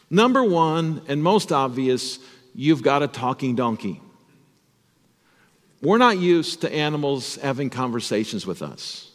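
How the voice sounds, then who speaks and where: Slow animated preacher in an echoey church. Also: male voice, fairly high pitch. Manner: animated, addresses children with questions. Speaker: pastor. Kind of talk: children's sermon storytelling.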